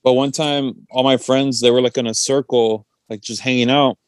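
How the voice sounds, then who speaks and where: A young man co-hosting a podcast, chatting casually in a halting way with many restarts. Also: mid-range voice, steady tone, no room sound. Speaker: podcast co-host. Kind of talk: casual chat.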